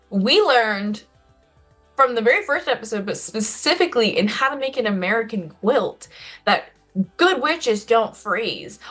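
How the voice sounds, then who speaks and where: A woman co-hosting a podcast in casual chat, throwing in quick wry remarks. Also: a little high, fairly bright tone.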